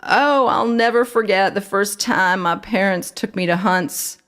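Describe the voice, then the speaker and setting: A woman's voice: medium pitch, unhurried, a bit bright, pitched above the performer's own voice. Courteous young patrolman, folksy and long-winded, read by a woman. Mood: nostalgic. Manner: polite, folksy, rambling. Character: young police officer, friendly and chatty.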